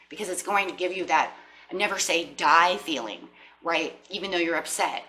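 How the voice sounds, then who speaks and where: A woman with a bright, slightly low voice gives a casual tarot reading to her viewers. She talks in a chatty, animated way and keeps dropping into quoted inner voices. A faint hum runs underneath. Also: normal speed, rough recording. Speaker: tarot reader.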